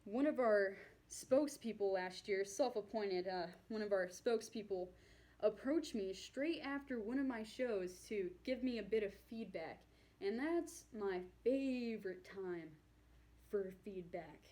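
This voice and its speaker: A woman's voice: medium pitch, unhurried, warm tone. A woman performing a stand-up comedy set on stage, with a dry, self-deprecating delivery. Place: on stage before an audience.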